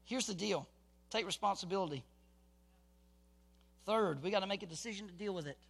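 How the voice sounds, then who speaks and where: A man preaching with a high, bright, tense voice. He talks to the congregation in a casual way and keeps asking rhetorical questions. He swings between quiet, intimate talk and loud, fervent exhortation. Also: a little fast, vocal fry, breathy edge. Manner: conversational, full of rhetorical questions. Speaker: pastor. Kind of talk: sermon.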